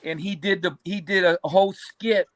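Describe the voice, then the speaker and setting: High-voiced man, casual host. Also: fairly even intonation, moderate pace, fairly bright tone, no room sound. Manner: laughs often, ends phrases with "man". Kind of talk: casual chat.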